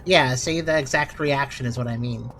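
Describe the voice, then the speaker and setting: A woman's voice: a bass voice, moderate pace, fairly bright tone, a little hiss or hum. A woman giving casual, sarcastic commentary while playing a video game. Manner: sarcastic, critical. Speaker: let's play host.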